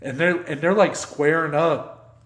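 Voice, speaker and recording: Slightly high-pitched and a bit slow, a male podcast co-host recounts a lengthy story in an echoey space. He's relaxed and animated, swears freely, and performs the dialogue of the people involved.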